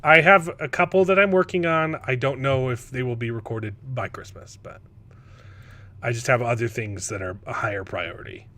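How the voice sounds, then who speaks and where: A man hosting a casual panel chat, animated and mocking, often stumbling over words and restarting. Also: medium pitch, normal speed. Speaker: host.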